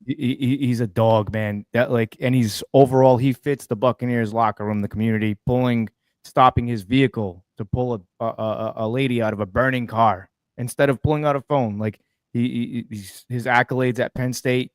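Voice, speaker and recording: A man co-hosting a sports talk show, telling stories in a folksy, animated way. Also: mid-range voice, moderate pace, no echo, studio quality. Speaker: co-host.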